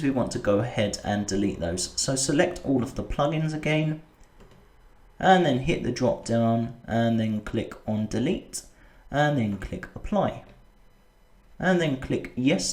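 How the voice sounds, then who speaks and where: Tutorial voice-over: patient man giving step-by-step instructions, mid-pitched, slightly roomy sound. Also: darkish tone. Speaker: web design tutor. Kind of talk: screen-recorded software tutorial.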